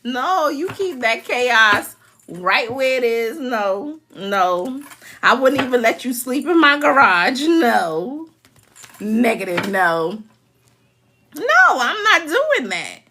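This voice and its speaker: A middle-aged woman from New York, telling family stories in a casual, animated way and acting out what her relatives said. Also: on the high side, takes it slowly, slight background noise. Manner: animated, laughing, acts out quoted relatives. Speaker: storyteller. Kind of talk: casual storytime.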